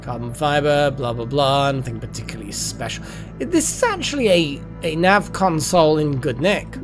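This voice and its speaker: A man rambling through gameplay commentary, his pitch swinging widely as he gets excited and then drops into muttering. Faint game music plays quietly behind him. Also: normal speed. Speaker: gaming channel host. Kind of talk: let's play commentary.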